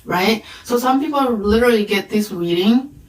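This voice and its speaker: A woman's voice: on the high side, animated, normal speed, roomy sound, poor audio. A woman and spiritual reader telling a personal story in a casual, chatty way, often saying "like" and "right?". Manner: chatty, frequent "like" and "right?" fillers.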